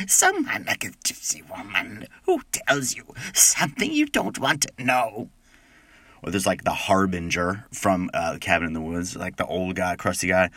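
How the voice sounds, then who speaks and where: A man answering interview questions in a relaxed, musing way, with self-deprecating asides. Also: on the low side, measured pace, no echo. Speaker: voice actor interviewee. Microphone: call recording.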